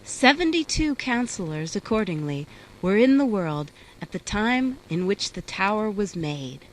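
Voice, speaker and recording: A woman reading an old translated text aloud in a measured, deliberate recitation. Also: medium pitch, very animated, slight background noise, low-quality recording. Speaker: reader.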